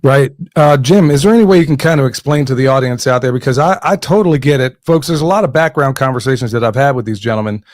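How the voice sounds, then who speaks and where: Male podcast host, mid pitch, friendly and direct to the audience, dry recording. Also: fast, hardly any pauses, no room sound. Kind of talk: casual podcast discussion.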